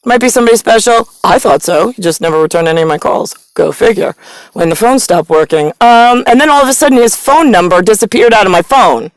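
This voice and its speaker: Woman, vlogger, rambling monologue, swears a lot, mid-pitched voice, dry close sound. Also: lively intonation, fairly quick, no room sound, poor audio. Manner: rambling and profane, swinging into loud rants.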